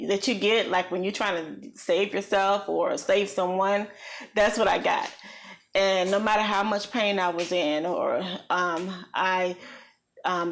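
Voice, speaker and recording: A female vlogger at a medium pitch shares a personal story, earnest and reflective. She speaks slowly and haltingly, pausing often.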